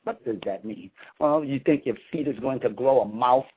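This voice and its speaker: A man's voice: mid-range voice, normal speed, a little hiss or hum. A man preaching to his followers in an emphatic, scolding manner, slangy and salted with cursing. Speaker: spiritual leader. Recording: tinny phone-like sound.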